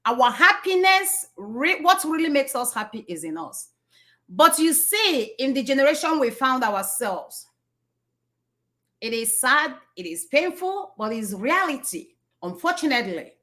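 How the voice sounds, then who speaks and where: A woman's voice: high-pitched, sing-song, unhurried, sharp tone. A woman giving an inspirational talk, repeating phrases for emphasis and asking rhetorical questions. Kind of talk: slow, preachy motivational talk.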